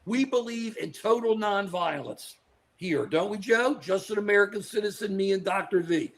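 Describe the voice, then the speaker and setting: A man's voice: high-pitched, moderate pace, slight background noise. An older man co-hosting a live political talk show, delivering outraged, emphatic commentary, repeating phrases and turning to his co-host by name.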